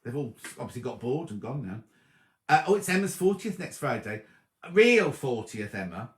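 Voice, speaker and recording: A man's voice: mid-range voice, sing-song, moderate pace, reverberant. A man, hosting a sewing livestream and chatting casually as he reads out viewers' comments and thanks them by name. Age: 50s. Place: home room before a dark wall.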